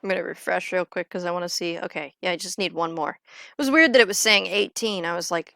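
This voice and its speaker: A woman's voice: on the low side, fast, creaky, pushed and bright, dry recording. A young woman chatting casually on a gaming livestream, rambling and joking with frequent swearing. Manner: rambling, jokey, swears freely. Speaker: streamer.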